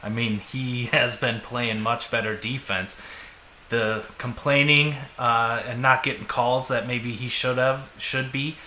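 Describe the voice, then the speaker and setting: A man's voice: mid-range voice, steady tone, unhurried, bright, forceful tone. Easygoing Minnesotan man in an echoey room. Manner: easygoing, joking, chuckles often. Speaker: podcast co-host. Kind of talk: casual sports chat. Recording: echoey room, faint noise.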